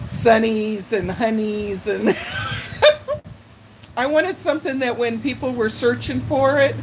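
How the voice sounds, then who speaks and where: A woman's voice: a little high, slight background noise, rough recording. A middle-aged woman hosting a live stream in a casual chat, rambling as she greets viewers by name and answers their comments. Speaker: livestream host.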